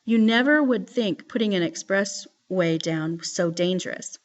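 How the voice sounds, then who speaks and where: A woman reading a novel aloud in a lively storytelling manner. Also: medium pitch, a little slow. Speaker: reader. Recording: dull lo-fi recording.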